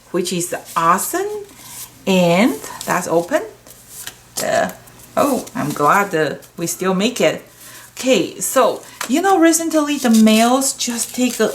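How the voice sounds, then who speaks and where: A woman's voice: mid-range voice, slight background noise. A middle-aged woman hosting a stamp shop video, chatting casually and gushing over handmade cards while telling rambling stories. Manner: rambling storyteller. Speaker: stamp shop host sharing card swap entries.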